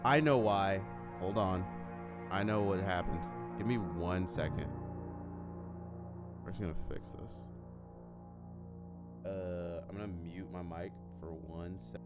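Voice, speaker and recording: Streaming a video game, a man chats casually with his viewers and jokes with them as he plays. His voice is low and steady, slow, with long pauses. Faint game music plays in the background.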